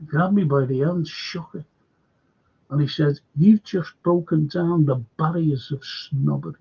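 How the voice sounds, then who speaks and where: A man's voice: a little high, creaky, husky. A man with a Liverpool accent hosting a current affairs livestream, telling a meandering, earnest anecdote full of asides and restarts. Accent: Liverpool (Scouse). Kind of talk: rambling anecdotal storytelling. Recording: dull lo-fi livestream audio.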